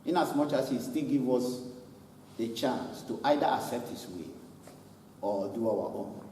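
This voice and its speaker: A man preaching a sermon as pastor, animated, laughing and imitating people as he goes. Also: mid-range voice, measured pace, a little hiss or hum. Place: church hall. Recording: echoey hall from far off.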